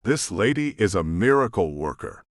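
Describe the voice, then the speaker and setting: A man reads a romance audiobook in first person, expressive and storytelling. His voice sits low with a lively, varied pitch. The recording is close and dry. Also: moderate pace, dry recording. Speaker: audiobook narrator. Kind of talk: scripted narration.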